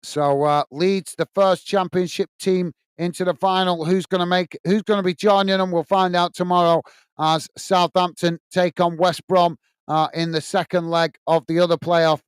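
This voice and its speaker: A man's voice: high voice, level tone, normal speed, clean tone, no echo, studio quality. A man hosting a football watch-along, chatting casually and reading out viewer comments, full of filler uhs and calling everyone mate. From England. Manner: casual and chummy, many filler uhs, calls people mate. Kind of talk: live stream chat reading.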